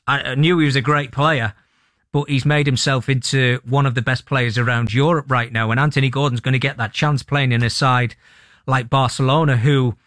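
A man speaking as a football pundit on radio, thoughtful and halting, with frequent restarts. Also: mid-range voice, a bit bright, no echo, clean studio sound. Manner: thoughtful, many restarts and ums. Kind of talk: sports radio discussion.

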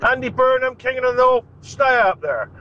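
A man's voice: extremely high pitch, animated, moderate pace, bright, forceful tone, muffled recording, a little hiss or hum. A man with a West Country accent calling in to a radio show, grumbling in a broad, blunt way. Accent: West Country English. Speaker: caller.

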